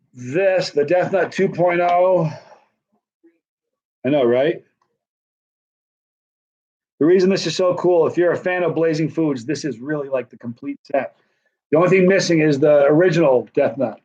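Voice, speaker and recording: A man's voice: a little high, measured pace, long pauses, dark tone. A man hosting a casual livestream, rambling through a friendly sales patter. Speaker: livestream host selling signed hot sauce. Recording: dull, muffled lo-fi sound.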